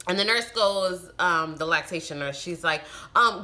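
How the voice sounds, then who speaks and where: A woman vlogger speaks straight to camera in an easy, conversational storytelling way. Her voice is bright and forward, and she leans hard into the key words with animated emphasis. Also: lowish voice, measured pace, few pauses. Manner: animated, emphatic retelling with frustrated outbursts. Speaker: vlogger and new mother.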